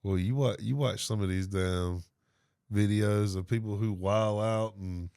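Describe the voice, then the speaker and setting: A man chatting casually on a podcast in a relaxed, drawling way. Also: fairly low pitch, unhurried, vocal fry, smooth, no echo, clean studio sound. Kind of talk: casual chat.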